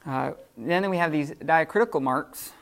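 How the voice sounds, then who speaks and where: A man with a fairly high, creaky voice teaches a beginner Greek class at normal speed. His classroom lecture is unscripted, a casual explanation full of fillers and restarts.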